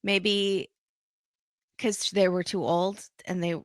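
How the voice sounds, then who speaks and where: Woman, podcast guest, casual recap, lively, dry recording. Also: mid-range voice, clean tone, no room sound. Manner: lively, recaps with quick laughs. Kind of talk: casual chat.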